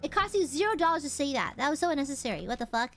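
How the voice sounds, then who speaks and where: A woman's voice: sits high, sing-song, rapid-fire, faint music behind. A woman streamer giving casual gameplay commentary, playful and boastful, swearing and talking to her chat.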